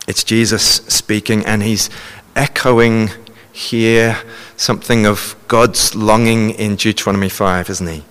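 Low-voiced man preaching in a reverberant hall. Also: level tone, a little slow, fairly bright tone, clean tone. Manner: earnest, explains then reads passages aloud. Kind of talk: sermon with scripture reading.

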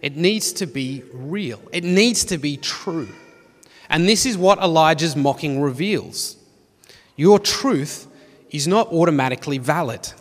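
A man's voice: a little high, lively intonation, a little slow. A man preaching a sermon, reading Bible passages expressively with dry humour. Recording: long reverb of a hall.

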